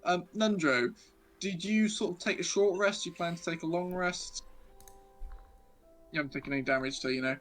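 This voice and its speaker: A man's voice: high-pitched, moderate pace, pauses often, fairly bright tone, soft background music. A man running a tabletop game as game master, easygoing and a little hesitant.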